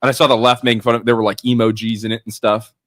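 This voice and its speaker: A man co-hosting a local talk show, chiming in with quick sarcastic quips. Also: mid-range voice, little pitch movement, a bit bright, no room sound. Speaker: co-host. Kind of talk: casual radio talk show chat.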